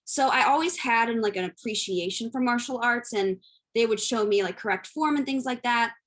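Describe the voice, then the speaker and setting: A young American woman talks as an actor guest in an interview, answering in a poised, well-spoken and polite way. Her voice sits a little higher than most. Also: brisk, a bit bright. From United States. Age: young adult. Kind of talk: casual interview chat.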